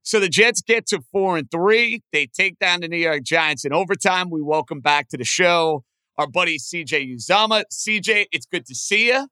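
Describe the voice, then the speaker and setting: A man hosting a sports podcast, ranting with animated opinions about teams and trades. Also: normal speed, smooth, no echo. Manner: animated, aggravated rants with rising pitch. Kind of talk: opinionated sports talk monologue.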